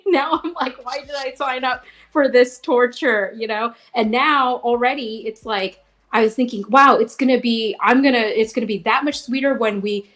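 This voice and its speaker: A woman's voice: on the high side, a bit bright. A woman chatting casually on a call-in show, rambling with frequent restarts and laughter. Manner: rambling, laughing, self-interrupting.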